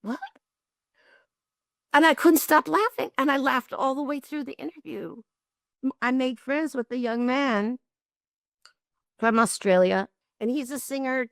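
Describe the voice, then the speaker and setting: Lively older woman telling stories. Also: a little high, vocal fry, no room sound, studio quality. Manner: lively, expressive storyteller, laughs often. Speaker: interview guest. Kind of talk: animated storytelling.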